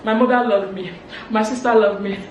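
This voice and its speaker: A woman with a Nigerian accent voicing a dramatic, emotional young man, making loud, indignant declarations. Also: medium pitch, steady tone, fairly quick, slight background noise, pitched above the performer's own voice, lightly acted. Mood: wounded. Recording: roomy, distant mic.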